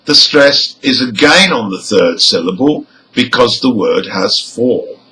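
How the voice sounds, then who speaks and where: A man teaching English word stress, reading example words one by one, marking the stressed syllables clearly and nodding on them. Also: lowish voice, animated, unhurried, sharp tone, poor audio. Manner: nods his head up on stressed syllables. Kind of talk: slow, deliberate pronunciation lesson.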